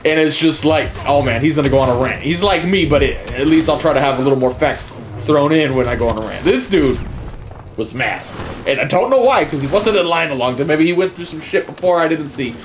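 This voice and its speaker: Male streamer, slightly high voice, casual profane storyteller. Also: a little fast, slight background noise. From United States. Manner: profane, animated, chuckling. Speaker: gaming streamer.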